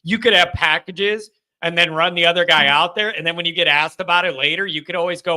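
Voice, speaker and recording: A male host chatting about football, agreeable and self-deprecating. His voice is high and very bright, almost sharp. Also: brisk, few pauses. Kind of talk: casual sports talk.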